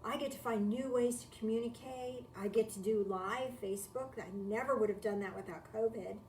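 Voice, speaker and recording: Woman, spiritual teacher, slightly high voice, reflective talk with rhetorical questions, faint background noise. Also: fairly quick, a little mellow. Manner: reflective, repeats key phrases, asks rhetorical questions. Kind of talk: live-streamed spiritual talk. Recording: echoey room, distant mic, faint noise.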